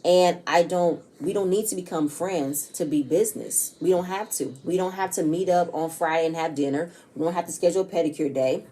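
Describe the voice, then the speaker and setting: A chatty woman recaps a reality show episode in a casual, blunt way. Her voice sits a bit low and sounds warm and mellow, and she swears freely as she goes. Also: a little fast, hardly any pauses, slight background noise. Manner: chatty, repeats "you know what I'm saying", swears freely.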